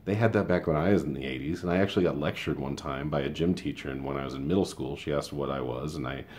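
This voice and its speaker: A man's voice: rumbling low, fast, darkish tone. A man in his fifties giving a rambling, conversational opinion monologue with many asides. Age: 50s. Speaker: school paraprofessional and show host.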